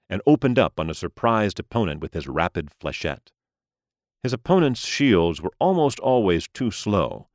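A man reading a story aloud as narrator, in a slow, expressive style. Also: low voice, dry recording, studio quality.

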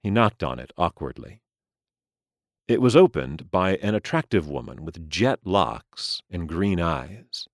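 Man narrating a story, very low voice, lively intonation, dry close audio. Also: unhurried, dry recording.

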